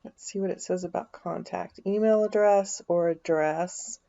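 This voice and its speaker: A woman's voice: fairly low pitch, steady tone, a little slow, creaky, dark tone, muffled recording. A woman vlogger, chatting casually as she walks through a search on her screen, thinking aloud with dry asides. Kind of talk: casual screen-share walkthrough.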